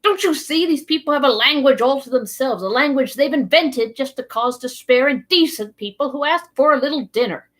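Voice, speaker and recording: A woman's voice: high-pitched, a bit bright, pitched above the performer's own voice. A woman reading as an irate Canadian harpooner. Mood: ranting. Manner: ranting, slow and emphatic. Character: irascible hungry Canadian harpooner man. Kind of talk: read-aloud storybook voice.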